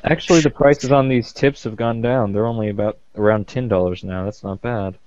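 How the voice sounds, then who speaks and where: A man's voice: fairly low pitch, fairly even intonation, a little fast, darkish tone, dry recording, muffled recording. A man in casual chat explaining tools in a matter-of-fact way.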